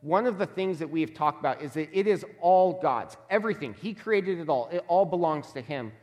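A man preaching a sermon as a pastor, emphatic and measured, slowing down to stress key words. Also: on the high side, animated, darkish tone, big-room sound.

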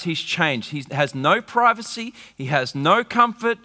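A man in his forties preaches to his church, his voice bright and forward. He tells stories with wry humour. The sound rings out in a long-reverb hall. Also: high voice. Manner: animated storytelling, wry humour. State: recovering from flu. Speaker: pastor. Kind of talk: sermon.

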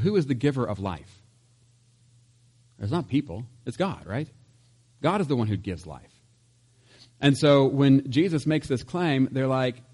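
A man's voice: mid-range voice, a little mellow, breathy edge. A man preaching a casual, conversational sermon, chatty with laughs and asides. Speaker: pastor.

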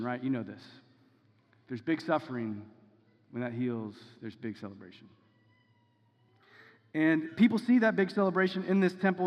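A man preaching a sermon in a casual, conversational way, often checking in with "okay?" and "right?". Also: sits high. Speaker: pastor. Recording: dull sound with long reverb in a hall.

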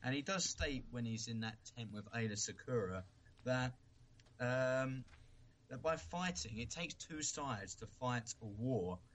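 A man's voice: mid-range voice, fairly bright tone. A man with a British accent co-hosting a fan podcast, earnest and thoughtful in casual chat. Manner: earnest, thoughtful, a little halting. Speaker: podcast co-host.

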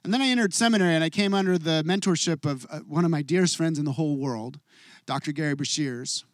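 A middle-aged man preaching a sermon as pastor, expressive, moving between hushed and emphatic delivery. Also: on the high side, fast talker, dry recording, studio quality.

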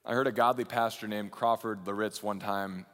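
A man preaching a sermon as a pastor, shifting between raised intensity and hushed, quiet passages. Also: on the low side, fairly even intonation, normal speed. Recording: long hall reverb.

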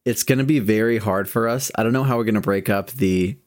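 A man's voice: lowish voice, a little fast, a little mellow, no echo, studio quality. A young man hosting a casual podcast chat, speaking with a morning voice and laughing easily. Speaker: podcast host.

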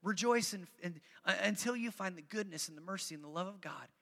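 A male pastor with a high voice delivers a sermon, chatty and repetitive, often doubling back on his phrases and urging the congregation to follow along. His bright, forceful tone carries through a big room with a long, ringing reverb. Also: a little fast. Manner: conversational, repeats phrases for emphasis; coaxes the congregation to join in.

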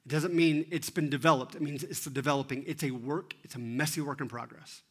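A man in his thirties giving an animated, self-deprecating sermon and often asking the audience questions. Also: a little high, fairly quick, breathy edge. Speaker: teaching pastor.

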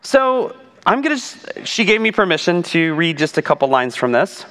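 A man's voice: a little high, very animated, moderate pace, a bit bright. A man giving a conversational sermon as pastor, full of asides and rhetorical questions. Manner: rhetorical asides, frequent "right?". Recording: long reverb of a large hall.

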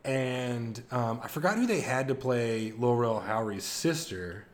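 A man co-hosting a casual podcast, eagerly retelling a comedy film with laughs and quick impressions. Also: medium pitch. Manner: excited storytelling with laughs and impressions. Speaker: podcast co-host. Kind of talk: casual chat.

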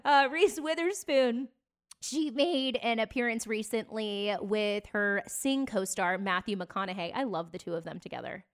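A woman co-hosting a casual podcast, trading celebrity gossip in a chatty way. Her voice sits at an ordinary middle pitch. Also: unhurried. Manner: chatty, gossipy storytelling with bursts of laughter. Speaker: podcast co-host. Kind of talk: casual chat.

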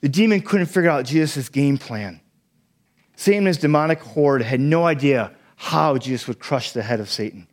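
A man with a fairly high voice delivers a sermon, walking listeners through a Bible passage step by step. He often checks in with a quick "right?" and acts out the quoted lines with energy. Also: expressive. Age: young adult to middle-aged, a parent. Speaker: pastor.

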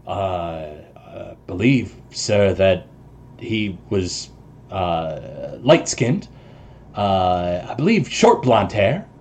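A man's voice: low-pitched, big pitch swings, drawn-out words, a little mellow, slightly rough, full character voice. A man voicing a nervous, formal male house servant in a tabletop game, speaking hesitantly and adding "sir" often. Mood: deferential.

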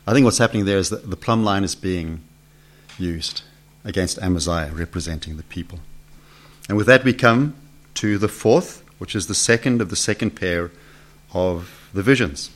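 The preacher's voice sits low and moves at a moderate pace. Before a live group in a meeting room, he teaches a Bible study conversationally, asking questions and acting out the text's voices.

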